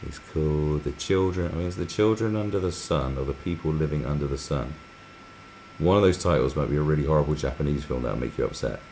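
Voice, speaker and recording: Very deep-voiced sweary man. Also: fast talker, darkish tone, a little hiss or hum. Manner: sweary, restless, often breaks into mocking impressions. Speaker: live stream host. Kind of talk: casual rambling commentary.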